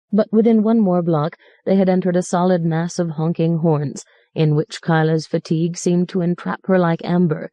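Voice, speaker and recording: A woman reads a story aloud in a measured, even way. Her voice is low and mellow, recorded dry and close with no room sound. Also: no echo. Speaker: audiobook narrator. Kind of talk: scripted narration.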